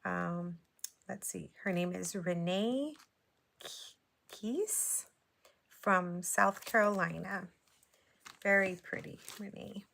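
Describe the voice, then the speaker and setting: A woman casually chatting through a show-and-tell of handmade cards, unhurried and admiring. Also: medium pitch, vocal fry, fairly bright tone. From Hawaii. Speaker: papercraft vlogger.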